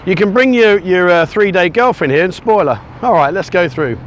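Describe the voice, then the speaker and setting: A middle-aged English man with a slightly high voice talks through a handheld camera at arm's length, chatty and self-mocking. He is outdoors by a beachfront road, with faint traffic noise behind him. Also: lively intonation, normal speed. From United Kingdom. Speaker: vlogger. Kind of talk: casual walking vlog.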